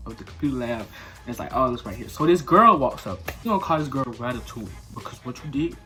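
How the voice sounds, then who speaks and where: A man's voice: medium pitch, expressive, fast talker, pushed and bright, soft background music. A young man telling a casual storytime, rambling and slangy with lots of fillers. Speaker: vlogger.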